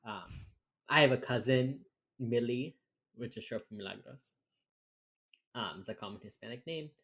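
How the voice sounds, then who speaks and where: A podcast co-host recaps a TV episode while tipsy, ranting with heavy sarcasm and casual swearing. His voice is medium-pitched and fairly bright, at a normal speed.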